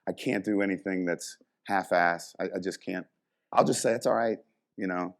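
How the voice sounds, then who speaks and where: A man in middle age with a very low voice talks like a veteran strength coach. He tells stories casually and with energy. He swears easily and fills his pauses with "you know". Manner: animated, swears freely, many "you know" fillers. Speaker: strength coach and motivational speaker. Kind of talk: casual storytelling talk.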